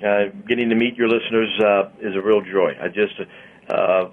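A man hosting a radio segment, chatting in a rambling way with many pauses and fillers. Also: on the low side, fairly even intonation. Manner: rambling, lots of uhs, chatty. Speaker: radio host and car dealer. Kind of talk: casual radio banter. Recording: dull lo-fi radio sound.

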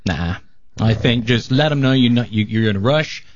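A man's voice: medium pitch, moderate pace, dry recording, dull audio. A man on a talk radio show, giving wry, laid-back advice. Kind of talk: casual talk radio banter.

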